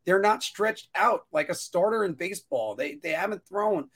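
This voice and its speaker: A man co-hosting a casual talk show who rambles, stumbles over restarts and sometimes jumps into a whiny high voice. His usual speaking voice sits a little higher than most men's. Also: normal speed, slightly rough. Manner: rambling, self-interrupting, animated with sudden high-pitched whining bursts. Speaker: podcast co-host. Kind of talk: casual chat.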